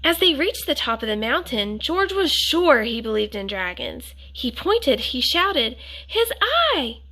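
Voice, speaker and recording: Slow, bright woman reading a storybook. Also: fairly high pitch, sing-song. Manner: gentle, asks listeners questions, whispered asides. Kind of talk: picture book read-aloud.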